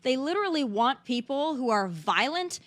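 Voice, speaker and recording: A woman's voice: high voice, big pitch swings, moderate pace, fairly bright tone, dry recording. A young woman hosting political commentary, talking in an indignant, incredulous way. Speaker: host.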